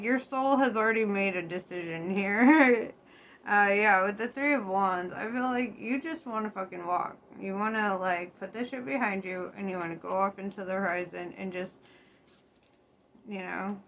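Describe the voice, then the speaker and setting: A woman's voice: mid-range voice, fairly bright tone. A young woman giving a casual tarot reading to her viewers, chatty and loose, laughing often and swearing freely. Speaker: tarot reader. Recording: faint background noise.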